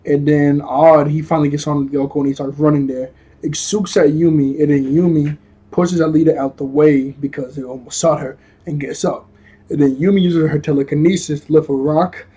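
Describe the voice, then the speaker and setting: Husky, laid-back young man recapping. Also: fairly high pitch, fairly even intonation, moderate pace, dark tone. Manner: rambling, laughing, self-correcting, slangy. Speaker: episode reviewer. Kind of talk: casual cartoon episode recap.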